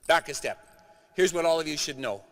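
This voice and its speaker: A man's voice: fairly high pitch, brisk. Emphatic man giving a keynote in a hall. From Canada. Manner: animated, emphatic speaker addressing a live audience. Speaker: keynote speaker. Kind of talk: conference keynote speech. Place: large conference hall. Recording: reverberant conference hall.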